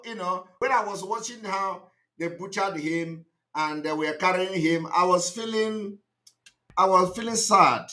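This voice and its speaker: A man hosts his own online show, giving a fervent, repetitive monologue. His voice sits high and bright, and it swings widely in pitch, rising to loud outbursts before dropping to low asides. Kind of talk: impassioned commentary monologue.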